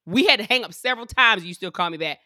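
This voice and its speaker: A woman's voice: medium pitch, lively intonation, very fast, sharp tone, no room sound, studio quality. Blunt, profane woman teasing her friend. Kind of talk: casual chat among friends.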